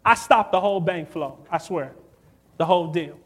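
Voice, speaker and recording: Guy preaching to young people, highish voice, super animated, acts out all the quotes. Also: normal speed, husky. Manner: animated, acts out quotes, swings from loud to hushed. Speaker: youth preacher. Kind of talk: storytelling sermon.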